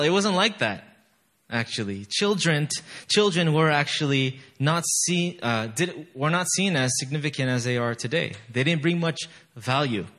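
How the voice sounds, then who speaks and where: A man's voice: on the high side, bright, forceful tone. A man preaching a sermon in a conversational way, reading scripture aloud with rising emphasis and using many fillers. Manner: frequent "you know" fillers. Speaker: pastor.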